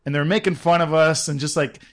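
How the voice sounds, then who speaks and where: A man co-hosting a podcast, telling a story in casual chat, animated and laughing often, acting out quoted lines. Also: a little high, quick pace. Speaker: podcast co-host.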